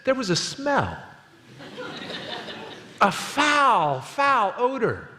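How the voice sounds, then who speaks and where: A man in his fifties preaching a sermon as pastor, telling a story with lively acted quotes. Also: extremely high pitch, very slow, big-room sound, a faint crowd. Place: church auditorium.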